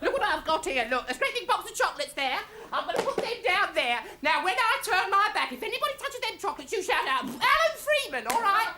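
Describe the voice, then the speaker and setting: A woman playing a loud, overfamiliar woman industrialist in a 1960s TV sketch, gushing and calling everyone love and sweetie. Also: very high voice, big pitch swings, fast, few pauses, noisy background. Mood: bossy. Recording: old TV recording, audience laughter and music.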